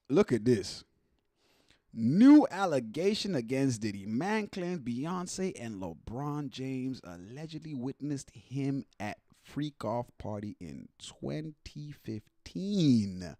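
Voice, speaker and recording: A man's voice: mid-range voice, a little mellow, dry recording, clean studio sound. A man hosting a casual show, reacting to viral clips with lots of slang and laughter and mimicking the people in them.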